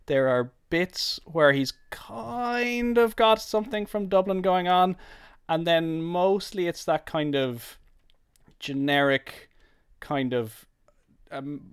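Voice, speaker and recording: A man's voice: medium pitch, smooth, dry recording, clean studio sound. A man giving casual interview answers, chatty and rambling, often restarting his sentences.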